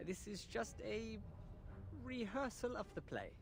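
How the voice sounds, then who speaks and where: Smug flamboyant art host. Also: male voice, high-pitched, sing-song, unhurried, creaky, exaggerated voice. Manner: flamboyant, teasing.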